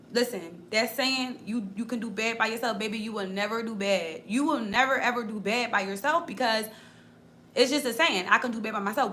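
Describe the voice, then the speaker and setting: A woman doing a casual spiritual card reading for her viewers, animated and preachy, repeating phrases for emphasis. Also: a little high, slight background noise.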